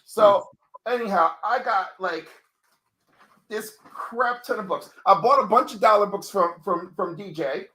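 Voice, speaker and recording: A man guest in a casual chat, telling jokey stories in an animated way. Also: sits high, unhurried.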